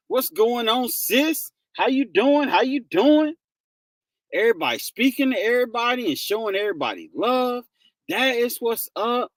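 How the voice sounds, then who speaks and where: A man hosts a casual livestream and calls out viewers in the chat by name. His voice swings up and down in pitch while he talks at an easy, unhurried pace. The sound is dry and close to the mic. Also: no echo. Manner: animated, greets viewers by name, laughs often. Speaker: livestream host.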